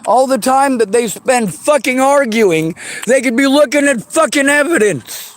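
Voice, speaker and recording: A man venting in an angry, profane rant, often shouting and swearing hard. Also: extremely high pitch, animated, measured pace. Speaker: vlogger.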